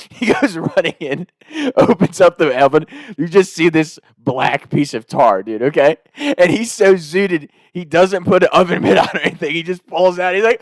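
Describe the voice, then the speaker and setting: A man's voice: a little high, normal speed, no room sound, studio quality. Profane young man telling stories. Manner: animated, profane, laughing often. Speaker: storyteller. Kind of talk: casual storytelling.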